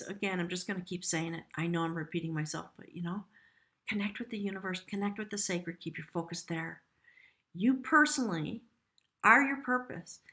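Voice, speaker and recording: Middle-aged woman, tarot reader, earnest and rambling, mid-pitched. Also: a bit bright. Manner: chatty and earnest, rambling with restarts. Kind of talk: casual tarot reading to camera.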